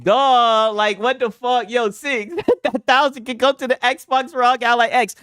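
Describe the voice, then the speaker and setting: A man's voice: extremely high pitch, steady tone, moderate pace, a bit bright, smooth, no room sound, clean studio sound. A man streaming casual reaction commentary, laughing and swearing as he mocks a clip. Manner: profane, laughing, mocking.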